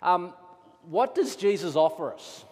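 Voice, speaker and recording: A man in his thirties preaches from the pulpit, his voice sitting a little higher than most men's. His delivery is lively, and the sound carries a long reverb from a large hall. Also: a little slow. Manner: animated storytelling, acts out his children's voices. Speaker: pastor. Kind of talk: sermon.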